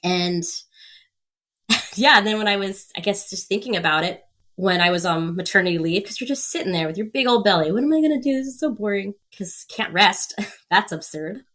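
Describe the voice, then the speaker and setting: A woman's voice: fairly low pitch, moderate pace, a bit bright. A woman in her thirties, a podcast guest telling stories with energy, laughing often and acting out the people she quotes. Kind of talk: casual storytelling.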